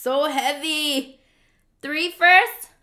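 Drawing out her words in a high-pitched, pushed, bright voice, a mukbang host chats playfully and meows in a cutesy way. Her close mic catches the sounds of her eating during this casual vlog.

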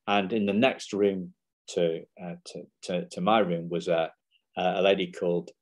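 A man's voice: deep voice, steady tone, a little slow. A man hosting a podcast interview, speaking with frequent restarts and fillers. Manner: hesitant, many restarts. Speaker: podcast host.

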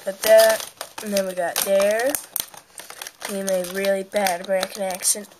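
Chatty woman vlogger for a home toy unboxing, rambling commentary, picked up by the camera's own mic with loud noise and crinkling packaging. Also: mid-range voice, level tone, a little slow. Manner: rambling, chatty, talks while handling things. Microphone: handheld camera's built-in mic.

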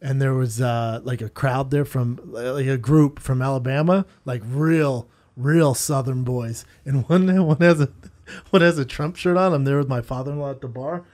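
A man's voice: mid-range voice, moderate pace. A man co-hosting a podcast, telling stories in casual, profane banter. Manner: profane, animated storyteller. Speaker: podcast co-host.

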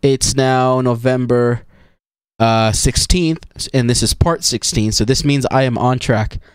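A man streaming a video game, chatting casually and excitably, joking and laughing as he plays. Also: mid-range voice, unhurried, clear, resonant tone, no echo, studio quality. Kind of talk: let's play commentary.

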